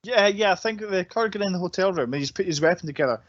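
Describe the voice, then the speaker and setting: A man on a casual film podcast, relaxed and laughing along with the others. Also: sits high, quick pace. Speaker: podcast co-host. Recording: dull lo-fi podcast audio.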